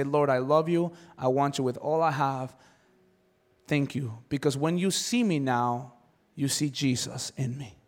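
A man preaching a sermon as pastor, animated, acting out quoted voices in his stories. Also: a little high. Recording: long hall reverb.

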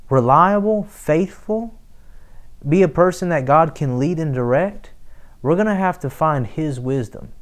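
A man preaching a sermon, emphatic, with soft near-whispered asides. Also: fairly high pitch. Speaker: pastor.

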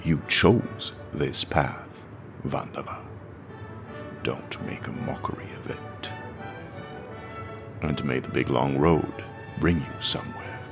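A man voicing a stern male wolf in armor, speaking slowly and gravely. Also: a bass voice, steady tone, over music, heavily acted. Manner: slow, grave, lecturing delivery.

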